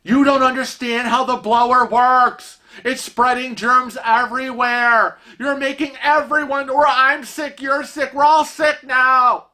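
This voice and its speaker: A man voicing a panicked, germ-obsessed stranger who shouts frantically in a restroom. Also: level tone, unhurried, few pauses, full character voice. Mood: frantic. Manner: frantic shouting, high-pitched.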